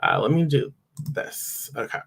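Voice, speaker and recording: A man's voice: mid-range voice, animated, unhurried, gravelly, slightly rough. A man giving an oracle card reading on a live stream in a casual, chatty way, greeting viewers by name as he talks. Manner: acts out grumbling inner voices.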